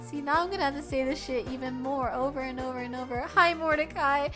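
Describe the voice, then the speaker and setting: A young adult woman streamer chatting casually with her viewers, loud and animated, often yelling and laughing, with a sore throat. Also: high voice, fast, music in the background. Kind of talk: casual live-stream chat.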